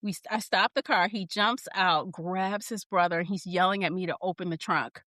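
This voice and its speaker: A woman's voice: fairly low pitch, moderate pace, no echo, studio quality. A woman co-hosting a casual book podcast, telling stories with acted-out quotes, frequent laughs and swearing. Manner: animated storyteller, acts out quotes, swears and laughs. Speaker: podcast co-host.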